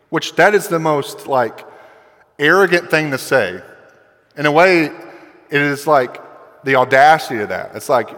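A man's voice: on the high side, animated, measured pace, a bit bright. A male pastor preaching a sermon in a conversational way, acting out quoted voices as he goes. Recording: long hall reverb.

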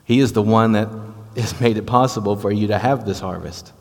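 Low-voiced southern preacher in a hall. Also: male voice, fairly even intonation, a little fast, a little mellow. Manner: conversational, explanatory, frequent restarts. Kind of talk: sermon-style Bible teaching.

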